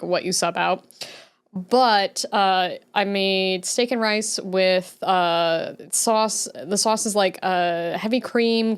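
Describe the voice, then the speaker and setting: Her voice is mid-range and smooth. She's a young adult livestream host who draws during a casual stream, talking with her viewers, answering the chat out loud, and giggling frequently.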